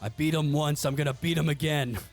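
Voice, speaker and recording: A man's voice: on the high side, steady tone, fairly quick, soft background music, close to an everyday voice. A man voicing a young adult male hunter, the villain's conflicted brother, speaking in earnest brotherly outbursts. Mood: determined.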